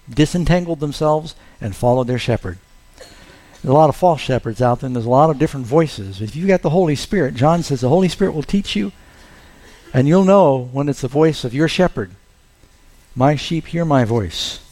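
Storytelling pastor with a fairly high voice. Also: male voice, normal speed, warm tone. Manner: storytelling, acts out quoted lines in a raised voice. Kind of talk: sermon.

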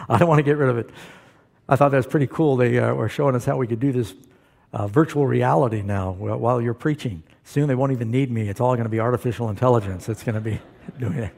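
A man's voice: mid-range voice, fast, vocal fry, a little mellow. A male pastor preaching a sermon, asking the congregation questions and calling for amens. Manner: asks the audience questions, calls for amens.

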